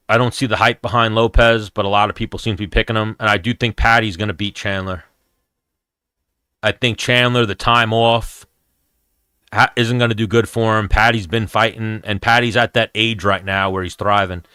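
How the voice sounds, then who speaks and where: A man's voice: fairly low pitch, steady tone, moderate pace, sharp tone, smooth, no room sound, studio quality. A man, hosting a casual MMA chat stream in a blunt, profane, rambling way. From New York, USA. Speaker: MMA show host answering chat.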